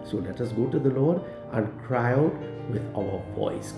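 A man giving a short sermon as a priest, in slow, measured preaching with emphatic rises. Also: medium pitch, animated. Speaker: priest giving a daily reflection. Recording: echoey room with soft guitar music.

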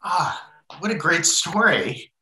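A man's voice: a little high, sing-song, slow, bright, forceful tone. A man moderating an interview, asking enthusiastic, rambling questions full of fillers. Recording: echoey room.

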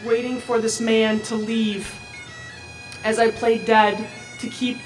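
A woman gives a personal testimony slowly and haltingly, her slightly high voice staying flat. She is heard from a distance in an echoey room. Faint music plays behind her. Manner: halting, measured. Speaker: speaker giving a personal testimony.

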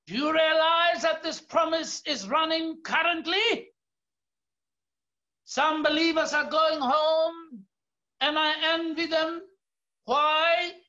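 High-voiced South African pastor preaching slowly. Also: male voice, bright, forceful tone. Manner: emphatic preaching, often raising his voice and stretching key words. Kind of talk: sermon. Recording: dull lo-fi sermon recording.

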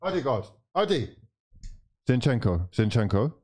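A man hosting a live football watchalong, reacting with loud, swearing outbursts. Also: mid-range voice, unhurried. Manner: excitable, swearing, shouting reactions.

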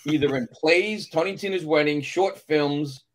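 A man's voice: on the high side, moderate pace, slight background noise. A middle-aged man with a New York accent, a guest on a casual podcast, telling stories and acting out voices in them. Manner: animated storyteller, acts out voices in anecdotes. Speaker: guest actor. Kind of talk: casual podcast chat, storytelling.

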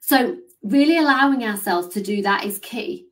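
A woman business coach gives an enthusiastic motivational talk, with a fairly high voice. She talks in an animated way and keeps dropping in "like" as she goes. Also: normal speed. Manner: animated, enthusiastic, says "like" a lot.

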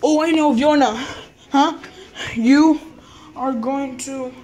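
A woman acting out a classroom with toys, talking haltingly and repeating herself. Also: high-pitched, warm tone, a little hiss or hum. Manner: halting, repeats words and restarts often. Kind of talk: toy role-play as a teacher.

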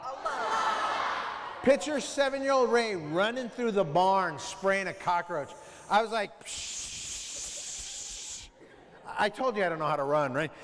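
High-voiced man speaking in a hall. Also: a bit bright, a little hiss or hum. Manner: storytelling, asks the audience questions, mimics sounds. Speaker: school assembly speaker. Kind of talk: animated talk to students. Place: school hall. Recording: long reverb in a large hall.

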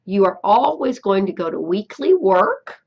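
A woman's voice: medium pitch, sing-song, a little slow, husky, highs cut off. A woman teaching Spanish in a screencast tutorial, explaining step by step, repeating herself and checking in with "okay?".

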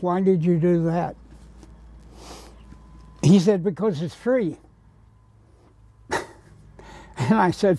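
Gravelly, deliberate American storyteller man. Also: sits high, warm tone. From United States. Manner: acts out other people's lines, drops to whispers. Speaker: painter telling stories. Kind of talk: anecdotal storytelling.

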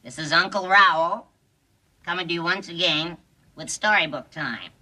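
A man's voice: a little high, background noise, lightly acted. A man doing a syrupy kids' TV uncle. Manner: sugary, slow. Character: syrupy male children's TV storyteller. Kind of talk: 1950s film comedy acting.

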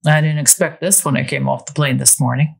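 A woman voicing a suave, charming male tourist who flirts in a low, smooth, seductive tone. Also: steady tone, fairly quick, heavily acted.

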